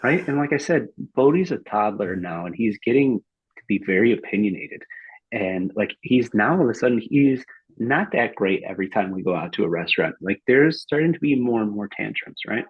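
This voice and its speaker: Husky low-voiced man, lo-fi audio. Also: expressive, moderate pace, no room sound. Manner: conversational, seeks agreement with "right?". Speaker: father, podcast guest. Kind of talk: casual conversation. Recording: dull lo-fi audio.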